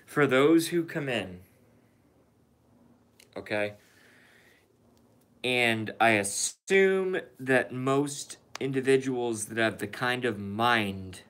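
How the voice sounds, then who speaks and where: A man's voice: mid-range voice, lively intonation, very slow, pauses often, pushed and bright. A tired man who has been up all night, chatting casually and profanely on a live stream, rambling and talking to his cat and viewers.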